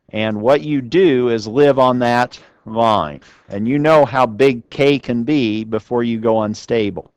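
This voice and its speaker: Male lecturer with a smooth, dry voice. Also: medium pitch, darkish tone, no echo. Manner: conversational, asks the class questions. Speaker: university lecturer. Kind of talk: classroom lecture. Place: lecture room.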